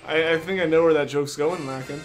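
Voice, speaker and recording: A man's voice: fairly high pitch, steady tone, brisk, soft background music. A young man streaming a game, reading his chat aloud and answering viewers in a casual way.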